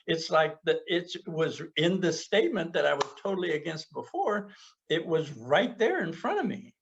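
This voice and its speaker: Middle-aged guy, gravelly voice, earnest, stumbles over his words a lot, dull lo-fi podcast sound. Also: fairly high pitch, animated. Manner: earnest, halting, repeats words when searching for thoughts. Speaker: podcast co-host sharing personal experience. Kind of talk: reflective casual conversation. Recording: muffled lo-fi podcast audio.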